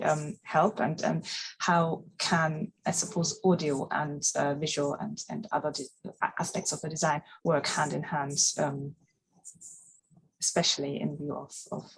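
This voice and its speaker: A woman moderating a panel, asking long thoughtful questions with halting pauses. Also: sits low, husky, rough recording.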